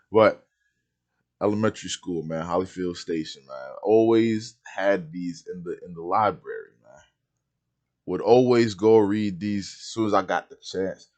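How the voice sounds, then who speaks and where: A man hosts a reaction video, chatting casually in a fairly low voice. He sounds laid-back and reminiscing, with drawn-out phrases. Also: a little mellow.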